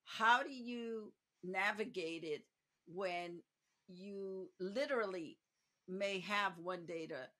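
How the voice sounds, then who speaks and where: A woman's voice: medium pitch, takes it slowly, fairly bright tone. A woman hosting a podcast interview, asking conversational, admiring questions. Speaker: podcast host. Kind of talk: casual interview chat.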